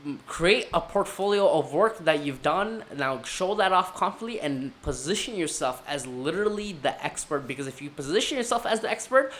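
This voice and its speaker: A man's voice: on the high side, lively intonation, brisk, hardly any pauses, a bit bright, slight background noise. A young man giving casual career advice. He tells stories animatedly, swears casually and acts out the dialogue.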